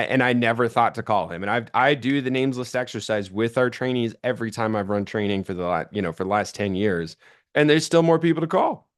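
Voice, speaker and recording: A man in his thirties giving a lively sales training talk, chatty and energetic, acting out quoted phone calls in his stories. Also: fairly low pitch.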